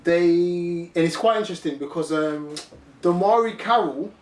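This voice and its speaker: A man hosting a relaxed sports talk show. He is chatty and keeps checking in with "you know what I mean". His voice sits a little high for a man, and it sounds roomy and set back from the mic. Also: moderate pace. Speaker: podcast host. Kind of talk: casual sports chat. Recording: echoey room, mic at a distance.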